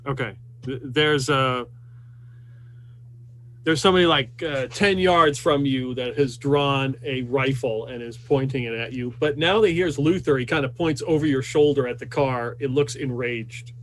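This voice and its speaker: Brief: mid-pitched man narrating as game master, faint noise behind. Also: normal speed. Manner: relaxed, describing action scenes.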